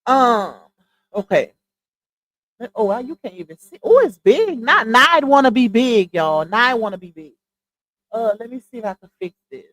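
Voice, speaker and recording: A slightly high-voiced woman runs a casual gossip livestream from home. She talks straight to her chat in a loose, chatty way, calling her viewers "y'all" and "child". She speaks into a headset mic on her earphones. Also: animated, moderate pace, long pauses, a bit bright, no room sound, low-quality recording. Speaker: livestream host.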